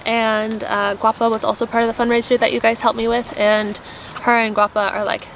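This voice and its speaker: A woman's voice: on the high side, little pitch movement, fairly quick, gravelly, fairly bright tone, slight background noise. A young woman vlogging casually from a tent at a campsite, earnest and rambling, full of "like" fillers. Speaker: vlogger and app founder. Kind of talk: casual spiritual vlog chat.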